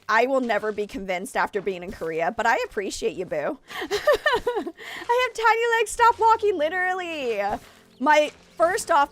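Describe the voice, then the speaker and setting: Chatty high-voiced woman streamer. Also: fairly bright tone. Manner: rambling, chatty, jumps between topics. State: slightly out of breath. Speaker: game streamer. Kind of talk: casual chat while streaming a game. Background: faint game music.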